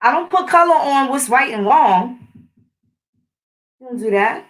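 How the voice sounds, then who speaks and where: A woman's voice: high-pitched, lively intonation, a little slow, fairly bright tone, far from the mic. Blunt, profane woman ranting. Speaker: channel host. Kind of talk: casual ranting monologue.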